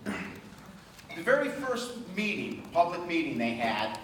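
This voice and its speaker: Emphatic man with a lively voice in an echoey hall. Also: high voice, takes it slowly. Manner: emphatic, rhetorical, argumentative. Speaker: resident speaking at public meeting. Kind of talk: public comment at town meeting. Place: town meeting room. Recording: echoey hall from far off, noisy.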